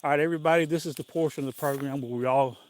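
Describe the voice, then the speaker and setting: A man's voice: on the high side, fairly even intonation, rapid-fire, dry recording. A man with a Southern US accent, hosting a casual live stream outdoors on a walk and telling rambling, folksy stories with frequent chuckles.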